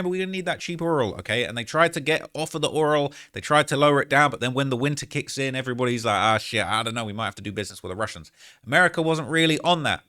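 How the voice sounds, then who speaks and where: A man giving casual, slangy political commentary, constantly checking in with "all right?". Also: medium pitch. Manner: slangy, animated, keeps tagging lines with "all right?".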